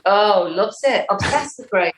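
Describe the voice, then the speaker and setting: A woman in her fifties with a Northern English accent, a playwright and actor giving a lively interview and acting out lines of dialogue as she talks. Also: mid-range voice, moderate pace, reverberant, poor audio. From North West England. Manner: animated, acts out quotes.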